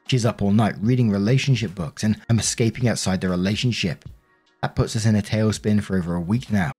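A man reading a first-person story aloud in a steady narrating voice. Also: fairly low pitch, brisk, faint music behind. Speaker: narrator of online stories.

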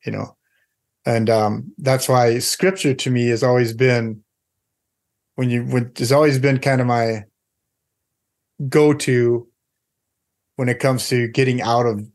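A man's voice: mid-range voice, fairly even intonation, takes it slowly, long pauses, a little mellow. Earnest man talking about faith. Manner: earnest, quotes scripture. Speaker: podcast co-host. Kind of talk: casual faith talk.

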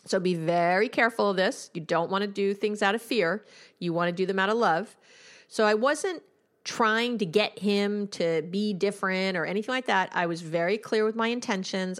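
A woman, a couples therapist, hosting an advice podcast in a candid, conversational and emphatic way. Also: medium pitch.

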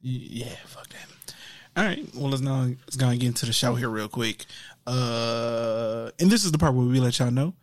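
A man's voice: medium pitch, moderate pace, no echo. Laid-back profane male podcast co-host. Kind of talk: casual chat.

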